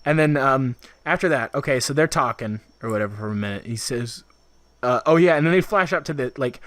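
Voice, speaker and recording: A man's voice: mid-range voice, normal speed, fairly bright tone, dry recording. A man co-hosting a casual video game podcast, rambling with lots of laughs and filler words. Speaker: podcast co-host. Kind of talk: casual chat about video games.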